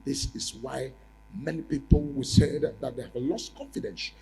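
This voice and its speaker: A man preaching a prophetic sermon, repeating his phrases and breaking into sudden loud rises. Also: mid-range voice, normal speed, vocal fry, soft background music, low-quality recording.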